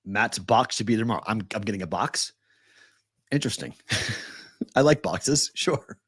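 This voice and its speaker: A young adult man co-hosting a sports betting show, talking in an animated, exasperated and profane way. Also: on the low side, measured pace, husky, no room sound, studio quality. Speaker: sports talk co-host. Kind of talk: casual sports chat.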